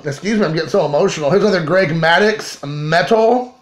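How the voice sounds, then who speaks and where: A man's voice: on the high side, fairly quick. A man from Kentucky, a card collector, chatting casually in a rambling show-and-tell vlog, often correcting himself mid-sentence. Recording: roomy echo.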